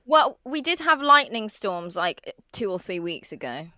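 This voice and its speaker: A woman hosting a podcast, asking questions in a relaxed, casual chat outdoors on a lawn. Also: medium pitch, measured pace, no room sound, clean studio sound. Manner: relaxed, easy questions and musings. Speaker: podcast host.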